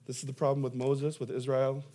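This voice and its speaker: A man's voice: medium pitch, level tone, a little fast, mellow. A young adult man, a pastor preaching a sermon, telling stories with self-deprecating humor and emphatic rises.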